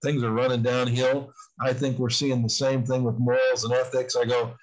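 A man's voice: mid-range voice, little pitch movement, moderate pace, low-quality recording. A man in his sixties, a guest in an interview, talking earnestly and rambling with frequent restarts. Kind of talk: conversational interview talk.

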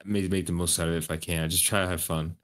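A man's voice: sits low, level tone, fast. A man chatting on a live stream as a guest, rambling and stumbling over repeated words. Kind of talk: casual chat on a live stream.

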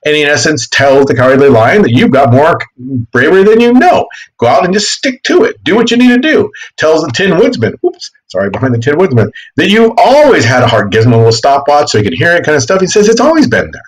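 A man teaching history in a casual, animated classroom lecture, explaining with quick asides and voiced bits. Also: on the high side, low-quality recording.

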